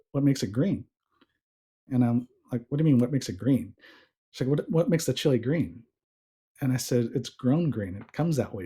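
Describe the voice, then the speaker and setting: A man telling a funny story about his marriage as a podcast guest, animated and laughing often. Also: mid-range voice, husky. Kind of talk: casual storytelling.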